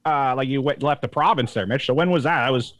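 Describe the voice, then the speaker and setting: A man's voice: medium pitch, fast. A man co-hosting a podcast, telling rambling stories in casual banter and jumping into funny voices. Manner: storytelling, animated, slips into voices. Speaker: co-host, comedian.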